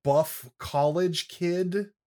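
A man's voice: high voice, very slow, darkish tone. A man co-hosting a wrestling podcast in casual chat, joking and rambling with plenty of asides. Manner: chatty and jokey, with many fillers and asides.

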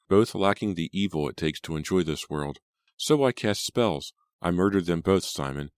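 A man's voice: low voice, dry recording, lightly acted. A man voicing a scornful young woman who practices witchcraft, in an imperious manner, reading an audiobook. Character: scheming young Southern belle witch, scornful. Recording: dry close studio sound.

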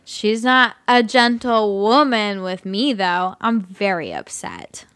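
A woman voicing a drunk, indignant man from a bad date, slurring slow and ranting. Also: medium pitch, lively intonation, a bit bright, clean tone, no room sound. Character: drunk belligerent adult male creep from a bad date.

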